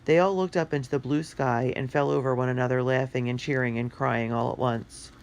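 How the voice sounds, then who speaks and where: A narrator reading a children's adventure book in a clear, steady way. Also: mid-range voice, fairly quick.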